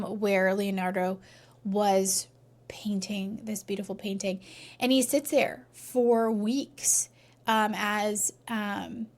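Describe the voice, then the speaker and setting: A relationship coach with a mid-range voice tells a faith-based story in casual talk. She often checks in with "right?" and drops to near-whispers at the emotional moments.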